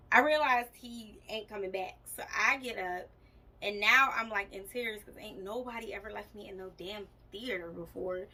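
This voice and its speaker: A woman's voice: mid-range voice, creaky, bright, forceful tone. A woman vlogger telling a candid, exasperated storytime, talking to her viewers as y'all. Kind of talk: casual storytime. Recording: voice a bit far from mic, faint background noise.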